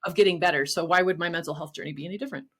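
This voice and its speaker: Woman, middle-aged, blunt, emphatic, candid interview talk, low-ish pitch. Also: very fast. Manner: blunt, emphatic, swears casually. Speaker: guest, nutrition practitioner.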